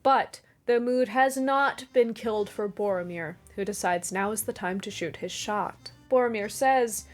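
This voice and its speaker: A woman's voice: medium pitch, unhurried, few pauses. A woman hosting a video essay in casual commentary, with wry, sarcastic asides.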